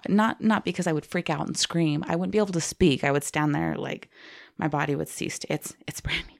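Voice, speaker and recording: A woman's voice: sits low, brisk, vocal fry. A woman co-hosting a podcast, telling a story casually and with feeling, teary at times. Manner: animated storytelling, tearful and laughing. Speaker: podcast co-host. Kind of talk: casual chat.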